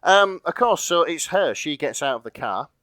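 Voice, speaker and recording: A man's voice: on the high side, animated, moderate pace, bright, forceful tone, no room sound. Laid-back man rambling, dry sound. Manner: laughing, swearing, rambling with fillers. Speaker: podcast co-host reading fan fiction. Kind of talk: casual chat.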